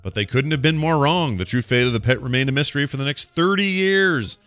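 A man co-hosting a podcast, chatting casually and reading out odd news stories with joking asides and quick self-corrections. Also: mid-range voice, expressive, fairly bright tone, no echo, soft background music. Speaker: podcast co-host.

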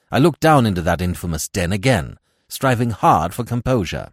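Brief: low-pitched male narrator, animated delivery, close and dry. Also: no room sound. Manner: expressive, dramatic storytelling. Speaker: podcast narrator. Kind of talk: scripted narration of a classic novel.

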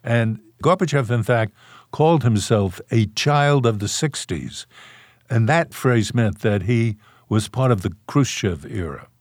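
A man's voice: mid-range voice, expressive, unhurried, a little mellow, dry recording, clean studio sound. An older man, a guest author in a podcast interview, telling wry stories from his past and chuckling now and then. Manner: anecdotal, wry, chuckles while recalling.

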